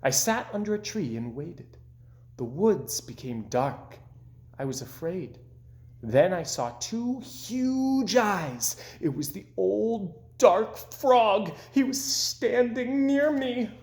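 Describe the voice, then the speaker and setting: A man voicing a cheerful high-pitched frog. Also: very animated, takes it slowly, a little mellow, exaggerated voice. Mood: spooky storytelling. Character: cheerful optimistic storytelling frog, male. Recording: roomy echoing room.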